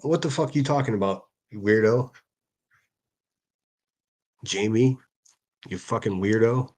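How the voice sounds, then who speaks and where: A man's voice: fairly low pitch, expressive, normal speed, long pauses, a little mellow. A man hosting a solo livestream, reading out hostile comments and answering them in a sarcastic, profane rant. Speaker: livestream host.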